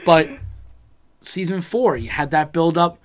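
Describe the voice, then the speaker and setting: A man in casual chat about a TV series, animated and swearing heavily as he acts out his own reactions. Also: a little high, a little slow.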